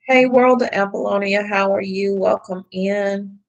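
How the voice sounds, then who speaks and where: A woman in her forties hosting a casual livestream, talking directly to her viewers with many pauses and fillers. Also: medium pitch, steady tone, poor audio. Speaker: livestream host.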